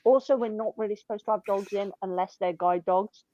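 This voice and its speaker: A woman's voice: medium pitch, steady tone, a little fast, mellow, highs cut off. A woman telling blunt, sweary stories about her shop customers in casual chat.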